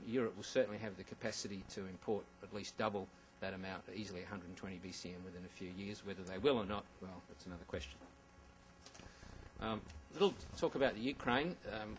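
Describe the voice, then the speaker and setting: A man's voice: on the low side, poor audio. A man giving a conference presentation about slides, with wry asides and frequent ums and restarts. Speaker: conference speaker.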